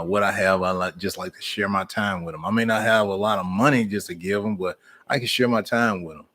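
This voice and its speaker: A middle-aged man, hosting a live stream and chatting casually with viewers in a folksy, storytelling way. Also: deep voice. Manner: folksy, storytelling, warm Southern American speech with "y'all".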